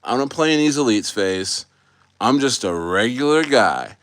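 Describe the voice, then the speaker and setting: American man, livestream host, mid-pitched voice, rambling, swearing, casual chat. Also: animated, moderate pace, a bit bright, dry recording, clean studio sound. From United States. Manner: rambling, swears freely, many restarts.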